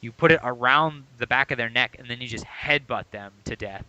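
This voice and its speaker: A man's voice: medium pitch, a little fast, sharp tone, dry recording, low-quality recording. A man co-hosting a podcast, chatting casually and walking through how a video game works. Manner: explanatory, walks through game mechanics. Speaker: podcast co-host.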